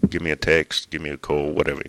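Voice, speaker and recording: A man's voice: a bass voice, little pitch movement, fast, a bit bright, dry recording. An Australian man, a middle-aged podcast host, tells a rambling personal story in casual chat, restarting his sentences and swearing offhandedly.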